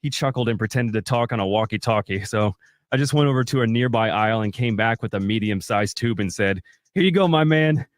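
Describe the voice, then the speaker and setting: A man on a podcast telling a comic story in a deadpan voice, acting out the voices of the people in it. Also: fairly low pitch, fairly quick, dry recording, studio quality. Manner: deadpan punny storyteller who acts out the voices in his tale. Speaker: podcast co-host. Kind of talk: comic storytelling, reading a funny review.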